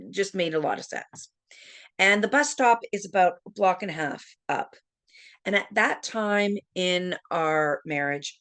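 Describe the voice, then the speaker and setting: A woman giving a webinar talk on productivity, telling a personal story with lively acted-out dialogue. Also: fairly low pitch, gravelly. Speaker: webinar presenter. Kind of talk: storytelling presentation.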